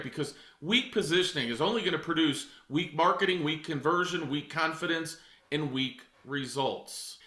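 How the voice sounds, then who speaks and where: A man's voice: a little high, sharp tone. Emphatic man coaching in an echoey room. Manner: direct, emphatic, addresses listeners as folks. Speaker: real estate coach. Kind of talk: coaching talk.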